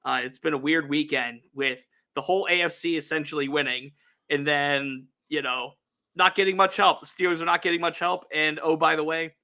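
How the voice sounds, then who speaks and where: A man's voice: on the high side, steady tone, fairly quick, sharp tone. A man hosting a sports podcast as the team reporter, talking energetically and emphatically, promoting his coverage. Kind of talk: casual sports podcast chat.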